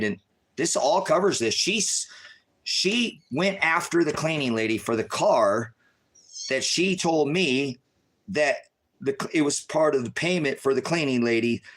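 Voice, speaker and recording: A stressed man rambling through an agitated live-stream rant, jumping between loud outbursts and low muttering.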